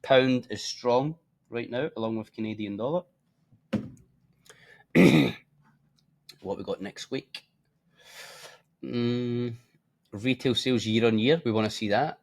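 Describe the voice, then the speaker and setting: Man, forex presenter, casual commentary, profane, yawning, tired, mid pitch. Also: slow pace, long pauses, darkish tone. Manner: blunt, swears freely, offhand asides.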